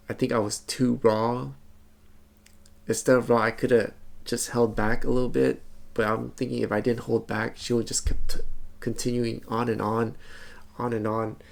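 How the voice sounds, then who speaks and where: A man vlogging in a calm, soft, reflective way, often repeating his words as he thinks aloud. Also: medium pitch, creaky. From Hmong community background. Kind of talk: personal vlog talk.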